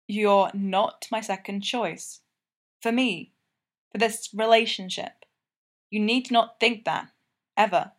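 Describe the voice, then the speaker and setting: Woman reading young man, impassioned, urgent, emphatic, audiobook romance voice, mid pitch. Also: steady tone, slow, pauses often, natural voice. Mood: earnest.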